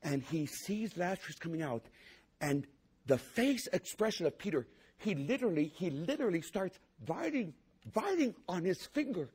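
A man's voice: high voice, sing-song, normal speed, a little mellow, husky. A man preaching a sermon, emphatic and repetitive as he reads and retells a passage. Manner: emphatic, repetitive, with bursts of laughter.

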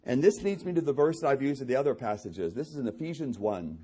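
A man preaching a sermon, animated and emphatic, acting out voices and building with repetition. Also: mid-range voice, quick pace, breathy edge. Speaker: pastor.

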